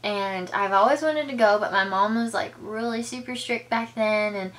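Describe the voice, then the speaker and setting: A woman's voice: moderate pace, a bit bright. A young woman telling a casual storytime on her vlog, chatty, full of filler words, and acting out the lines she quotes. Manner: chatty, filler-heavy, acts out quoted lines with big pitch jumps. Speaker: vlogger.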